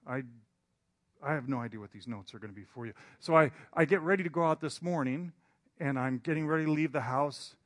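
A man's voice: mid-range voice, fairly bright tone, no room sound. A man preaching in a storytelling style, rambling and self-deprecating, with hesitant restarts. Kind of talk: storytelling sermon.

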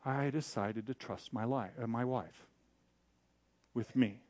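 A man's voice: medium pitch, takes it slowly, a little mellow. A man preaching, telling a personal story in a candid, self-deprecating way and acting out the voices he quotes. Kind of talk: sermon storytelling.

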